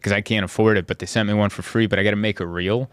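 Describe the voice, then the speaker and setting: A man's voice: on the low side, steady tone, very fast, no echo. A man hosting a podcast, telling rambling stories in a self-deprecating way. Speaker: podcast host. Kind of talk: casual chat.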